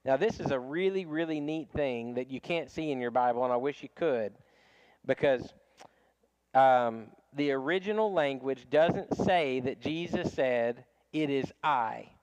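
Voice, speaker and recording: A man's voice: mid-range voice, unhurried, a little mellow, clear, resonant tone, dry recording, muffled recording. A man teaching a casual Bible study class, talking conversationally with frequent restarts and small chuckles.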